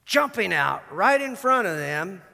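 A man's voice: high voice, big pitch swings, a little slow, creaky, pushed and bright. A man from Georgia, preaching in a folksy, self-deprecating way. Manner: folksy and self-deprecating, acts out film lines. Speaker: pastor. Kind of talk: sermon. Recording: long hall reverb.

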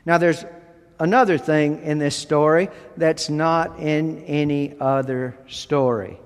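A man preaching a sermon as pastor, speaking deliberately and with emphasis, pausing between phrases. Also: fairly high pitch, fairly even intonation, clean tone, in a large hall.

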